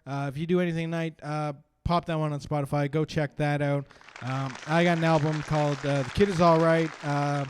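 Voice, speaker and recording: A man, doing an animated stand-up set and laughing through his stories at a brewery. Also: a little high, brisk, noisy background. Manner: animated storytelling with bursts of laughter. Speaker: stand-up comedian. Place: brewery stage.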